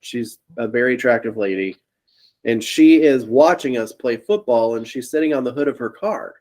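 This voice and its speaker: A man's voice: mid-range voice, animated, moderate pace, darkish tone. A young man co-hosting a podcast, telling a rambling story in casual chat and laughing at his own punchlines. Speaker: podcast co-host.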